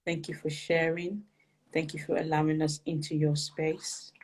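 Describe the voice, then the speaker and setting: A podcast host interviewing a guest, speaking in a gentle, grateful, unhurried way. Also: medium pitch, little pitch movement, breathy edge, low-quality recording. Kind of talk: interview conversation.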